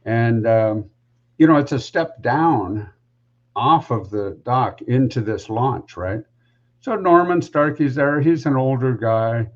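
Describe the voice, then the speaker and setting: A man's voice: mid-range voice, expressive, takes it slowly, muffled recording. A man who is a podcast guest, telling a story casually and rambling with lots of asides.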